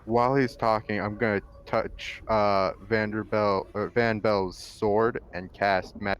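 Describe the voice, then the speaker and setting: A man's voice: lowish voice, steady tone, takes it slowly, slight background noise. A man playing a tabletop game, talking hesitantly and checking that he was heard. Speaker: player. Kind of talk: casual tabletop game play.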